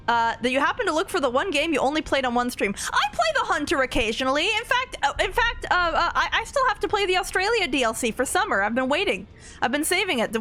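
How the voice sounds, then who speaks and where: A woman's voice: high-pitched, bright, forceful tone. A young adult woman streamer chatting casually with her chat, giggly and rambling with frequent restarts.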